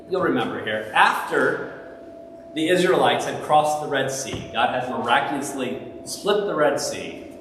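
A man's voice: mid-range voice, a bit bright, slight background noise. A man preaching a sermon as pastor, speaking conversationally and asking the congregation questions. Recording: echoey hall, voice from far off.

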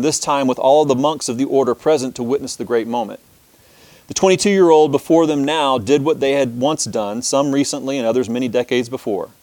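A man's voice: medium pitch, a little mellow, dry recording. A man teaching a church history lesson, who talks with many restarts and fillers and reads long passages aloud.

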